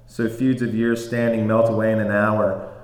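Man, member sharing at a recovery meeting; halting, filler-heavy delivery; reverberant hall. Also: fairly low pitch, flat delivery, darkish tone. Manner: halting, many fillers and restarts. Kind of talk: personal sharing. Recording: echoey hall.

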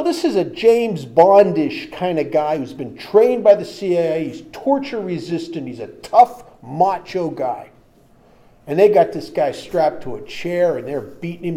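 Man, recovery-story speaker; plain-spoken, humorous, slightly higher voice. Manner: plain-spoken and humorous, shifting between lively and quiet. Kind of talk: personal storytelling talk.

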